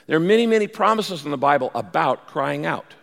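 A man delivers a sermon as pastor, lively and dramatic, slipping into pleading prayers and story voices. His voice sits a little high for a man. It rings with the long reverb of a large church hall. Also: brisk, creaky. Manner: animated preaching, acts out pleading prayers.

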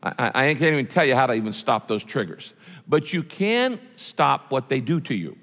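Male pastor, emphatic and repetitive sermon delivery, lively pitch, hall reverb. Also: normal speed.

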